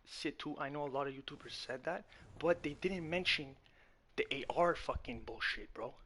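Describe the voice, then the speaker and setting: A man's voice: fairly high pitch, moderate pace, sharp tone, slight background noise. Man, gaming host, fired-up rant, swears constantly, keeps circling back and correcting himself. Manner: profane, heated, addresses viewer as bro; rambling with frequent self-corrections. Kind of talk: ranting gaming commentary.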